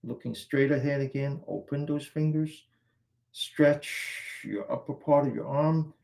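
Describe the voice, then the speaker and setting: A man guiding a qigong exercise class, calmly cueing each stretch and breath step by step. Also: fairly high pitch, a little slow, vocal fry. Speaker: qigong instructor. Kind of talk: guided exercise class instruction.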